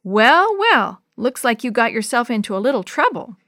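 A woman voicing a kind young man who gently scolds a boy in a storybook. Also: a little high, big pitch swings, moderate pace, dry recording, clean studio sound. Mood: gentle.

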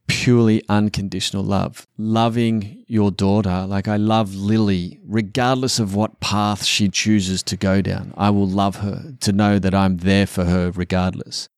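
This is candid, casual podcast talk from a middle-aged man speaking as a father, earnest and frequently profane. When he quotes people, he acts the lines out in a raised voice. His pitch is fairly low, and the recording is dry and studio quality.

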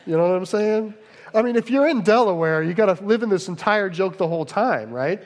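High-voiced male pastor in a reverberant hall. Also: lively intonation, brisk. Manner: conversational teaching with frequent asides. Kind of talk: sermon. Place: church hall in Delaware.

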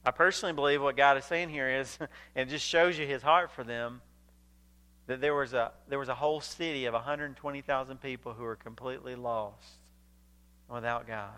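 A male pastor preaching a sermon, animated and emphatic, acting out scripture as he paraphrases it. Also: medium pitch, fairly quick, clear, resonant tone.

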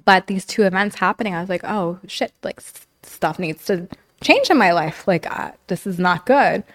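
Speaking as a podcast guest, this young adult woman has a lowish, expressive voice and a moderate pace. Her candid, casual storytelling is full of "like" and "you know," and she reenacts quotes as she goes.

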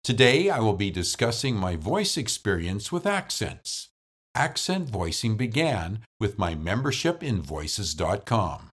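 Male podcast host, low voice, lively intonation, scripted and measured. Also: breathy edge.

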